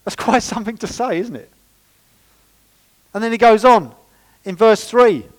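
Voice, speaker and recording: Lively man preaching. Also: high-pitched, unhurried, low-quality recording. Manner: lively, conversational preaching with playful asides. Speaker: pastor. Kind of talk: sermon. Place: church.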